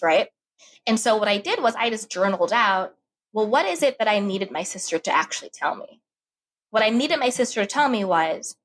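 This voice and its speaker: Telling a story as a podcast guest, a woman chats casually and animatedly, performing her own inner voice. She speaks at medium pitch and normal speed on a rough recording.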